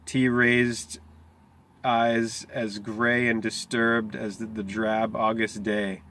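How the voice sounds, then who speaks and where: Unhurried man reading a story aloud. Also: lowish voice, flat delivery, fairly bright tone. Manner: unhurried, slowing on key phrases, small stumbles. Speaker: reader.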